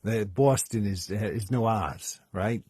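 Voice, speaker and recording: A man on a live stream, reading poetry theatrically with long pauses and chuckling in between. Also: fairly low pitch, darkish tone, slightly rough.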